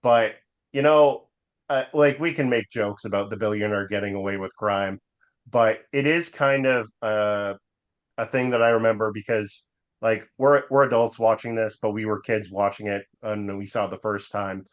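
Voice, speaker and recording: A man co-hosting a podcast in casual chat, hesitant with many fillers, slowing down when he turns reflective. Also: fairly low pitch, fairly even intonation, muffled recording. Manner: hesitant, many ums and uhs, drifts into slow reflective stretches. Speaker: podcast co-host.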